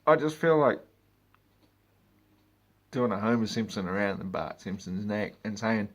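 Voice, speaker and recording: A man's voice: lowish voice, animated, unhurried. A man, ranting in a vlog about his work as a meter reader, swearing and exasperated.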